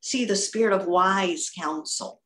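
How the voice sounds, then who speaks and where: A middle-aged woman giving a personal testimony over a video call, an animated storyteller who acts out the dialogue. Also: mid-range voice, a little slow, echoey room. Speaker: ministry speaker giving testimony. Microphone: video call computer mic.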